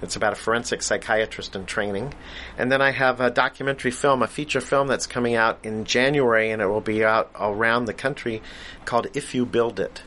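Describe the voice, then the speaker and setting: A man talking as a guest on a casual show, relaxed and explanatory. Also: mid-range voice, brisk, a little hiss or hum. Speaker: guest writer and producer. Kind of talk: casual interview talk.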